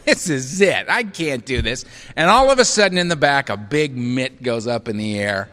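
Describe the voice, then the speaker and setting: A middle-aged man speaking to a recovery meeting, his pitch jumping high and low as he tells a self-mocking story. His voice is bright and forceful and rings out into a long hall reverb. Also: lively intonation, moderate pace. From United States. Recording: hall reverb, live talk recording.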